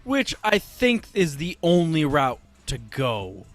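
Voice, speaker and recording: A man's voice: on the high side, huge pitch swings, slow pace, fairly bright tone, faint music behind. A man co-hosting a podcast in casual chat, joking and blunt, with some swearing. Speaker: podcast co-host.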